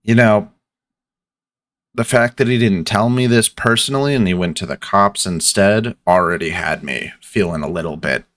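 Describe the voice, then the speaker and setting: A man voicing a worried woman in a tabletop game, speaking low and quiet in his own voice. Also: moderate pace, no room sound, close to an everyday voice. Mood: wary.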